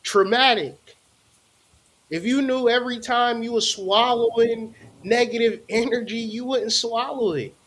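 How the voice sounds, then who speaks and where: A man's voice: very high voice, measured pace, fairly bright tone. A man hosting his own channel as a spiritual teacher, ranting casually in slang and swearing freely.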